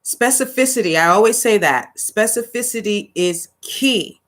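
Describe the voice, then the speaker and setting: A woman's voice: mid-range voice, expressive, normal speed, a bit bright. A woman acting coach teaching a live-streamed class in a chatty, rambling way, with many fillers and restarts. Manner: greets viewers by name mid-lesson.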